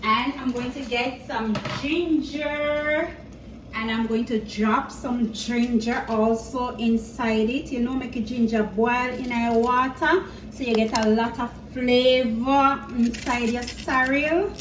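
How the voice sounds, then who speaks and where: A Jamaican woman chats and teases as she cooks, her voice fairly high and her pace slow and easy. She sounds a little far from the mic in an echoey kitchen, with a faint hum of home sound behind her. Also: fairly even intonation. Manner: chatty and teasing, talks straight to viewers. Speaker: cooking vlogger. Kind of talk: casual cooking chat.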